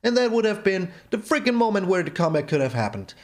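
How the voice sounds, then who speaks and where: A man's voice: high-pitched, very animated, quick pace. A man hosting his own gameplay channel, commenting on a card game in an exasperated rant that keeps repeating itself. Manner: exasperated ranting, repeats himself. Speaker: channel host.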